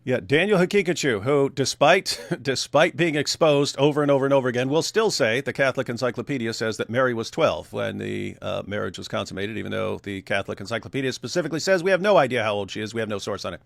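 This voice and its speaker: A man's voice: mid-range voice, fast talker, vocal fry, hardly any pauses, no echo, clean studio sound. A man hosting a casual live stream, reading viewer comments aloud, laughing often and restarting his sentences. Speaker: host.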